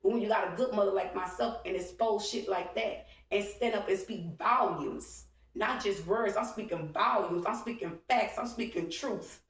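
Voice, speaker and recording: A woman's voice: medium pitch, normal speed, hardly any pauses. A woman in her forties with a drawl, ranting bluntly and profanely. Her voice rings around a roomy space and sits a little back from the mic, so it sounds slightly distant. She keeps an emphatic, confrontational edge throughout. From Texas. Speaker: vlogger. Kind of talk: heated monologue to camera. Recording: roomy echo, speaking from away from the mic.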